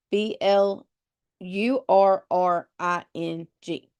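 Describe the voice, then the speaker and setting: A woman's voice: medium pitch, fairly even intonation, very slow, darkish tone, smooth. A woman leading a test-prep webinar, patiently explaining rules step by step and spelling words out letter by letter. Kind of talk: live webinar teaching.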